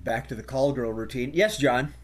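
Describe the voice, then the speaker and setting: A man's voice: mid-range voice, moderate pace. A man hosting an improv comedy game over a webcam call. He calls on players and laughs often between prompts. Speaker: improv show host. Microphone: webcam on a video call.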